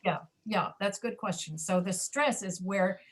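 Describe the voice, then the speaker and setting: A woman with an American accent teaching an online English pronunciation class, patiently repeating words slowly to show where the stress falls. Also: medium pitch, background noise.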